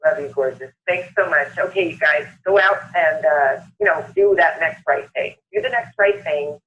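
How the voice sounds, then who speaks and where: A woman's voice: low-pitched, moderate pace, a little hiss or hum. A woman hosting a motivational conference call, upbeat and emphatic, repeating phrases for effect. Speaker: call host. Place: Southern California. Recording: muffled phone-line call recording.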